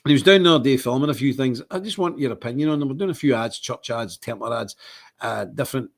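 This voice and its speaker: A man's voice: medium pitch, fast. A man with a Scottish accent hosting a casual livestream monologue, rambling with indignant outbursts. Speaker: livestream host.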